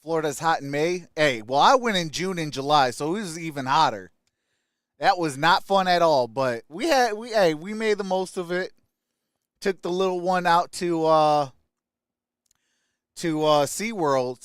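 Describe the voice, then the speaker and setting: A man hosting a live stream, chatting casually and greeting viewers by name in an upbeat way. His voice sits high for a man and sounds smooth and clear. The sound is close and dry, with no room around it. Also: moderate pace, dry recording. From Michigan. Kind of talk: casual live-stream chat reading comments.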